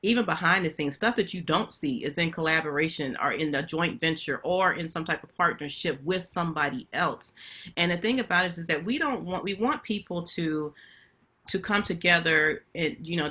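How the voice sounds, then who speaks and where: A woman's voice: sits low, moderate pace, bright, forceful tone, breathy edge. A woman hosting a webinar, chatting and telling stories straight to her audience over a video call. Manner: chatty storytelling, addresses audience directly. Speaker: webinar host. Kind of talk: casual webinar talk.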